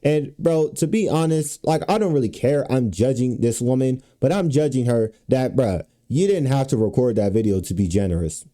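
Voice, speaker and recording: A man's voice: medium pitch, expressive, normal speed, hardly any pauses, mellow. A man giving casual reaction commentary, talking loosely with lots of slang and filler. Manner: loose slangy talk, lots of "bro" and "you know what I'm saying". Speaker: commentary streamer.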